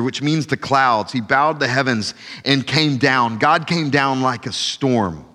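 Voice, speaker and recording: A male pastor preaches with passion, his voice climbing into loud pleas and then sinking low and quiet. His pitch sits in the middle for a man. The sound rings with the long reverb of a large hall. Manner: impassioned preaching, swings from loud pleading to hushed. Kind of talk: sermon.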